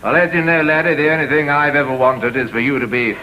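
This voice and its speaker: An actor playing a remote, phone-obsessed upper-class English father in a 1960s TV sketch, clipped and brisk. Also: fairly high pitch, bright, forceful tone, a little hiss or hum, poor audio. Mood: awkward. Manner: brisk, clipped, distracted businessman.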